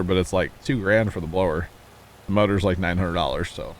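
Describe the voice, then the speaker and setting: A man's voice: sits low, fast talker, a little hiss or hum. A man casually chatting with his viewers while streaming a farming game, rambling through folksy stories and asides. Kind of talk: casual livestream chat while playing.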